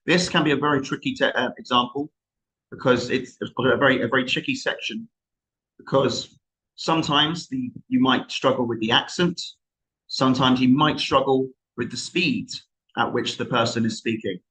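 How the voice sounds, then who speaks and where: A man's voice: mid-range voice, moderate pace, a bit bright, low-quality recording. A man from South England with a London accent, giving an unscripted online lesson as an exam tutor. He explains things at length in an encouraging way, often restarting his sentences.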